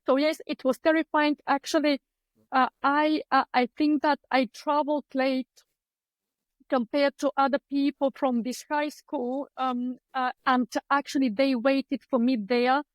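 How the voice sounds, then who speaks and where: High-voiced Bulgarian woman telling her story. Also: fairly even intonation, measured pace, no echo, rough recording. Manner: earnest, heartfelt, with frequent hesitations. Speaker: guest, clinical psychologist. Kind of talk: candid personal storytelling.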